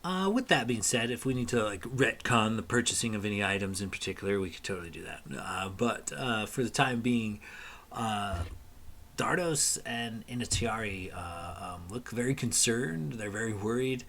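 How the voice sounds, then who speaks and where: Rambling low-voiced male game master. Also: normal speed. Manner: relaxed, rambling, many fillers. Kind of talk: narrating a tabletop game.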